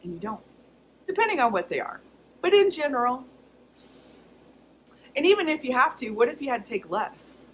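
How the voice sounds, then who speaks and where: A woman's voice: high-pitched, very animated, moderate pace, pauses often, fairly bright tone, slight background noise, poor audio. A woman talking casually to her camera in a personal vlog, chatty and candid, often laughing. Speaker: vlogger.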